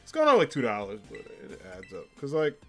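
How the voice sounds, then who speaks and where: A man's voice: medium pitch, huge pitch swings, a little fast. A man streaming a video game, chatting casually with his viewers, rambling with lots of fillers and frequent laughs while he answers their comments. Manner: reads viewer comments aloud and answers them. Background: faint game music.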